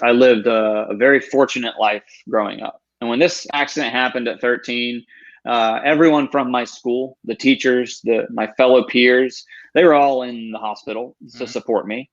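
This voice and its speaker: A man's voice: mid-range voice, fairly even intonation, moderate pace, lo-fi sound. A man in his thirties, a guest on an interview show, telling his story earnestly and with emphasis. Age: 30s.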